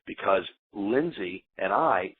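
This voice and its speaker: A man's voice: fairly low pitch, slow pace, slight background noise. A man, an eliminated contestant, telling his side in a heated interview and acting out what others said. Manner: animated, defensive storyteller acting out quotes. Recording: tinny phone line.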